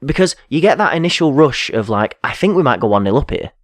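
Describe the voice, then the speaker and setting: A man's voice: mid-range voice, big pitch swings, quick pace, no echo. A man co-hosting a football podcast, rambling casually and correcting himself as he goes. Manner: rambling, self-correcting, fillers. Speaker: podcast co-host.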